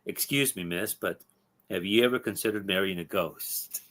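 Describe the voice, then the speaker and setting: A man's voice: deep voice, normal speed, fairly bright tone. A man reading aloud the lines of a bitter dead circus performer turned ghost hero, indignant and self-pitying. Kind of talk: read-aloud comic dialogue.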